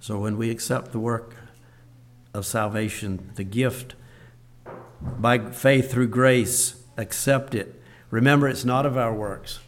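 Older man preaching a folksy sermon. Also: medium pitch. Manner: folksy, repeats phrases, swings between soft and loud.

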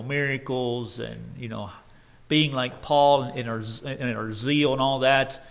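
This man preaches a sermon earnestly in a medium-pitched, slightly bright voice. He often restarts his phrases and builds in force whenever he quotes scripture.

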